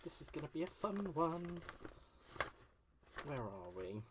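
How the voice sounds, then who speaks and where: Chatty man, slightly high voice. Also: very animated, a little slow, noisy background. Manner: chatty, gushing, answers viewer comments aloud. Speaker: crafting livestream host. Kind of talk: casual live-stream chat while crafting. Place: home craft space.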